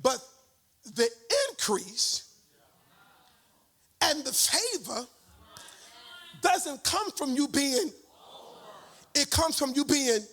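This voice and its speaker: Casting: hoarse male preacher, high bright voice, call-and-response style. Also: animated, slow, pauses often. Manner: call-and-response preaching, sings and shouts phrases. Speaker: guest preacher. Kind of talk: energetic sermon. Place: church sanctuary.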